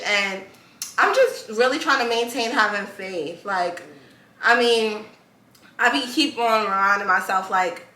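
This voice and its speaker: A woman's voice: mid-range voice, measured pace, bright, forceful tone, roomy sound. A woman hosting a podcast, telling stories casually with slang and laughter. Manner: loose storytelling with slang and laughs. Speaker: podcast host. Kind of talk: casual chat.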